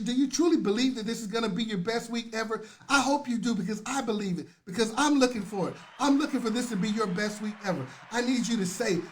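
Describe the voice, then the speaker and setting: High-voiced exuberant motivational man. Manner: preachy, exuberant, repeats phrases. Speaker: motivational host. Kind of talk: live motivational talk.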